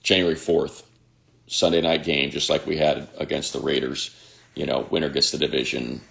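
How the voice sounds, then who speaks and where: Very deep gravelly-voiced man chatting. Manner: reads viewer comments aloud, chatty and rambling. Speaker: sports radio host. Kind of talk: casual livestream chat.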